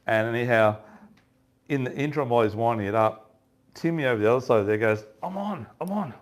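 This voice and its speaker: A man telling a lively fishing story at a live seminar, laughing and acting out what his mates said. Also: medium pitch, quick pace, clean tone. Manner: chatty, laughing, acts out quoted lines. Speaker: fishing shop presenter.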